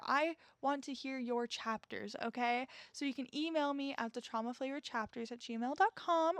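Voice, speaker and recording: A woman's voice: sits high, no room sound. Earnest young woman reassuring her listeners. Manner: earnest, reassuring, chatty with frequent "like" and "okay?". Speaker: podcast host. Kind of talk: solo podcast talk.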